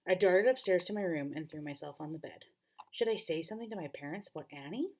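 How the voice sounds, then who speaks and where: A woman teacher reading a novel aloud to students, expressive and often correcting herself mid-sentence. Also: on the low side, fast talker.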